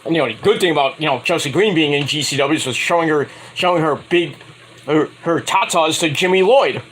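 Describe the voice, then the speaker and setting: A man's voice: a little high, brisk, fairly bright tone, a little hiss or hum, poor audio. A man ranting in a casual, rambling, profane style as a wrestling vlogger.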